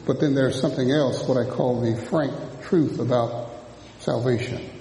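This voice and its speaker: A man preaching a sermon, dropping low and then rising to shouts as he mimics churchgoers. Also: a little hiss or hum. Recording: echoey hall from a distance.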